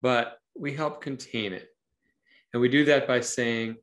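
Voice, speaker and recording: At a moderate pace, an average-pitched man appearing as a psychologist guest explains ideas in a thoughtful, conversational way, leaning on metaphors. He gets animated, voicing parents and children in quotes.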